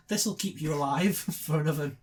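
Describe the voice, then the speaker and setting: A man co-hosts a laid-back film commentary, his voice sitting a little higher than usual. He tosses out dry, sarcastic jokes and breaks into laughter often. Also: slightly rough. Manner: sarcastic, joking riffs with frequent laughter. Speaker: co-host.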